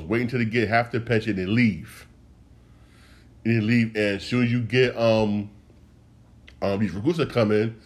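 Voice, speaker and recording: A man's voice: mid-range voice, darkish tone. A man hosting a solo podcast, ranting in a heated way, repeating himself and speaking straight to his listeners. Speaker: podcast host.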